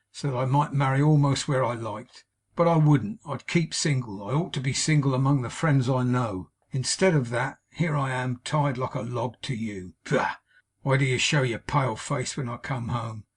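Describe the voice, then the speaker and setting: A man with a husky voice playing a drunken, cruel young husband who bullies and sneers at his wife in an audiobook. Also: mid-range voice, lightly acted. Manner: snarling, contemptuous. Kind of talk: audiobook character voice.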